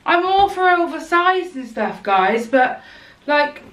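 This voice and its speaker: A woman's voice: high-pitched, very animated, slow, fairly bright tone, dull audio. A young woman chatting casually to camera in a try-on haul, outspoken and exasperated. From United Kingdom. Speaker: fashion vlogger.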